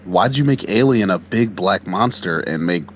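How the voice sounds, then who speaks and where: A man joins a podcast chat over a headphone mic, curious and quick to ask questions. His sound is dull and lo-fi, with a faint layer of noise behind it. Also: sits low, animated. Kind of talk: casual chat.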